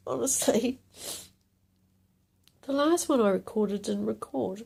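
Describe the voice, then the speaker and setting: A woman rambles through a monologue to camera, her voice heavily gravelly with a mellow, dark color. She often sinks into a hushed whisper between stretches of plain talk. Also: fairly high pitch, unhurried, pauses often. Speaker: video blogger.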